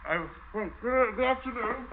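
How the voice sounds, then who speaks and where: An actor playing a frightened, stammering captain forced into a crime, in 1940s radio acting style. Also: male voice, very high voice, lively intonation, normal speed, heavy background noise. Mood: shaken. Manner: stammering, nervous. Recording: dull old radio recording.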